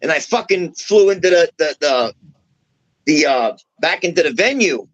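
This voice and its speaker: High-voiced man telling a profane story. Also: moderate pace, muffled recording. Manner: profane, animated, acts out quoted dialogue. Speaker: wrestler guest. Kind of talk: casual podcast storytelling.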